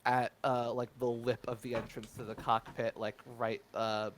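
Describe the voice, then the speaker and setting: A man narrating as game master of a tabletop role-playing game, talking in halting starts with many fillers. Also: medium pitch, flat delivery, slight background noise. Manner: hesitant, many fillers and restarts.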